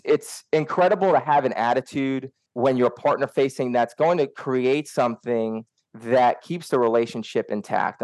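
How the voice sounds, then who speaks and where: An earnest young man gives a coaching talk on workplace attitude to his team, often tossing in a quick "right?" to check they follow. His voice sits at an ordinary middle pitch. The sound is dry and close, with no room echo. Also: darkish tone. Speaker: SEO team lead.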